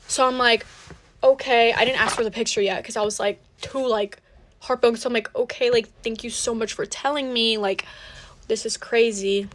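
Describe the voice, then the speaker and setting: A young woman recounts her story in a brisk, dramatic rush. Her voice sits a little high, and she peppers every sentence with filler words and swearing. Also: steady tone, fairly bright tone, a little hiss or hum. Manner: dramatic, swears, heavy use of "like". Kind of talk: casual storytime.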